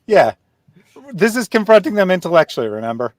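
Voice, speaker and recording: Male panelist, high and lively voice, incredulous and mocking, dry sound. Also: fairly quick, no echo. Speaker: panel guest. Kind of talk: casual panel discussion.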